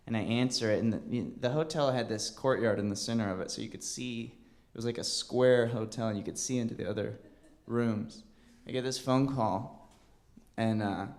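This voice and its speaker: Rambling male stand-up comic. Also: a little mellow. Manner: rambling, halting delivery with bursts into a high wailing child voice. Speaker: stand-up comedian. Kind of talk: stand-up storytelling. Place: comedy club stage.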